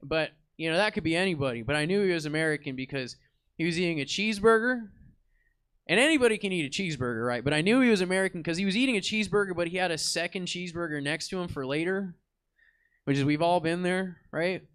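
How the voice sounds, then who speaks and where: A man's voice: sits high, quick pace, a bit bright, clear, resonant tone. A man performing an improvised comic monologue, telling a rambling story in a laid-back slacker voice full of fillers. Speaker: improv comedian. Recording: stage theater performance.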